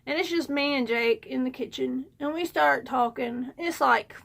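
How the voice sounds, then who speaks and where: A woman tells a story casually on her vlog, rambling and animated, with plenty of fillers. Her voice sits high, with a rough, gravelly fry. She sounds loose and chatty throughout. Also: moderate pace. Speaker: vlogger.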